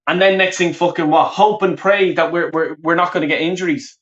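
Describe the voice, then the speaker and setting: A man's voice: on the high side, fairly even intonation, brisk, fairly bright tone, highs cut off. A man on the panel venting angrily and swearing a lot.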